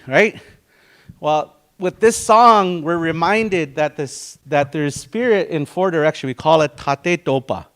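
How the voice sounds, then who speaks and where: Explaining words one at a time in a language and culture class, this Dakota-accented man acts out small quotes along the way. He speaks a little slowly in a slightly high, fairly bright voice.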